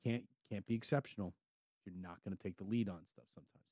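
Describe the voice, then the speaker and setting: A man co-hosting a casual political talk show, joking and getting animated, his voice jumping up on emphatic points. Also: fast, no echo, clean studio sound. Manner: animated and jokey, rising in pitch on emphatic points. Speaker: podcast co-host, campaign worker.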